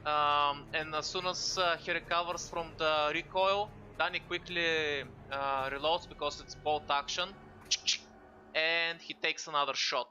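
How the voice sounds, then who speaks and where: A man's voice: on the high side, steady tone, unhurried, pushed and bright, soft background music. A man playing a tabletop game, chatting about the rules and describing what his character does. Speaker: player. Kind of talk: casual tabletop game play.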